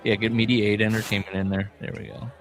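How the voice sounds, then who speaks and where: A man's voice: fairly low pitch, level tone, fast, fairly bright tone, soft background music. A man co-hosting a podcast in casual chat, joking, mocking and laughing often. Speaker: podcast co-host.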